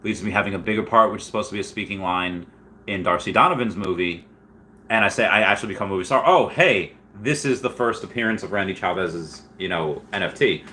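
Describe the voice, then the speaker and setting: A man casually reading live chat and rambling about collectibles, animated and quick to laugh. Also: sits low, slight background noise.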